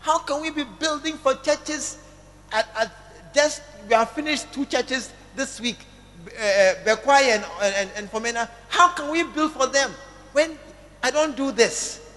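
A man preaches to his church, his voice high and bright with a forceful edge. He talks slowly and emphatically, repeating phrases and calling on the congregation to say amen. Long reverb from the church hall trails each phrase. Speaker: pastor. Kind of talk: sermon.

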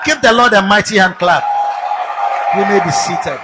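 A Ghanaian man preaching a sermon to a church conference, dropping to low asides and rising to loud shouts, mixing English with Twi phrases. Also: normal speed, heavy background noise. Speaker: pastor. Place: church conference hall with a congregation.

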